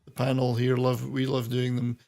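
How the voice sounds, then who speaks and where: A man's voice: mid-range voice, completely flat delivery, normal speed, vocal fry. A man hosting a casual live panel chat, joking and rambling as he thanks his viewers. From Scotland. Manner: jokey, rambling, warm sign-off thanks. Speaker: host.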